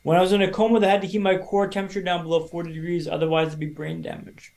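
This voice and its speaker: A man in his thirties from Canada, a podcast guest telling his own story in a lively, casual way and acting out other people's lines. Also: fairly high pitch, racing, vocal fry. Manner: animated storyteller, acts out quoted voices.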